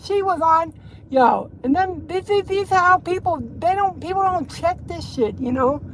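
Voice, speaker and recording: A woman's voice: very high-pitched, unhurried, rough recording. A woman gossiping on a casual livestream from her car, swearing and rambling as she drives. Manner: profane, rambling, laughing. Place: inside a car, driving. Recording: road noise behind.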